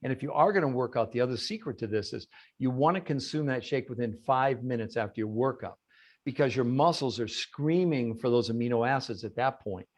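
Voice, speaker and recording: A man speaks at medium pitch and a fairly quick clip, delivering an emphatic, animated presentation as a guest on a group video call. He frequently asks rhetorical questions and answers them himself.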